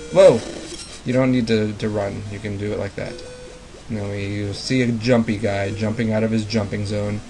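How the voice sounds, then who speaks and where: A man with a lowish voice talks through a video game in a loose, rambling way, tossing out puns and silly wordplay. Loud game music runs under his voice the whole time. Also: poor audio. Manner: playful, punning and rambling. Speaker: let's play host. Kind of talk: casual gameplay commentary.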